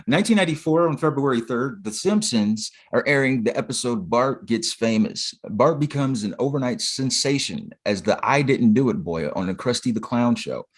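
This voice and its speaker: A man's voice: medium pitch, expressive, moderate pace, hardly any pauses. A man co-hosting a podcast, recapping in laid-back, profane casual chat with plenty of fillers. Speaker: podcast co-host.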